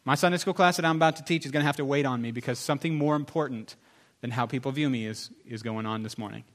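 A man preaching a sermon as pastor, swinging between loud emphasis and soft, confessional asides. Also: mid-range voice, fast.

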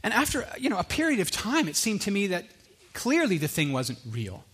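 A man with a high-pitched voice tells his own story in a testimony-style talk. He speaks earnestly, rising with energy and then sinking low and quiet to drive a point home. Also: brisk, breathy edge. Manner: earnest, animated, drops low and quiet for emphasis.

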